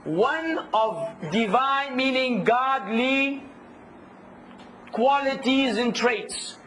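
A man teaching a workshop, lively, quizzing his audience and acting out hecklers. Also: very high voice, very slow, a little hiss or hum, poor audio. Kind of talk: workshop lecture.

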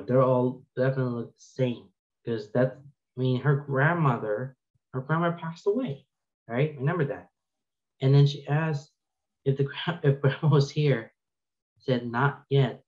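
A man hosts a reaction video, reading out creepy stories at an unhurried, drawn-out pace. He breaks in with startled exclamations and nervous laughter. The recording sounds slightly dull and lo-fi. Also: medium pitch, darkish tone. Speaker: channel host reading stories.

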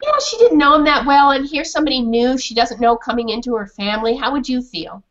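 Woman author, fairly high and lively, talks to kids over a lo-fi call. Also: quick pace, a little hiss or hum. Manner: animated, questioning the children. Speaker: children's author. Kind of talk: storytelling and class discussion. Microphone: video call. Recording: dull lo-fi video call.

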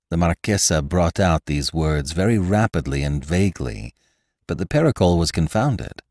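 A man reading a classic novel aloud as narrator of a storytelling podcast, with a measured, expressive delivery. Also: low-pitched, dry recording, studio quality. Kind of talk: audiobook narration.

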